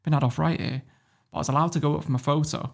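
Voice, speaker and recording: Fast, gravelly northern English man. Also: on the high side. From Warrington, England. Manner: animated storyteller, swears freely, laughs often. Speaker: podcast guest. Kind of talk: casual interview storytelling.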